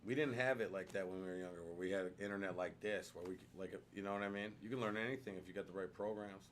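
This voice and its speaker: This man speaks fast in a low voice while co-hosting a relaxed podcast conversation, meandering with plenty of fillers and false starts. He uses a studio microphone, and there is slight background noise.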